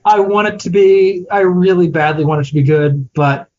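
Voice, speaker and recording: A man's voice: high voice, normal speed, a little mellow, muffled recording. A man co-hosting a podcast, chatting casually about films, hesitant and self-deprecating, often restarting his sentences. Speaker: podcast co-host. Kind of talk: casual film chat.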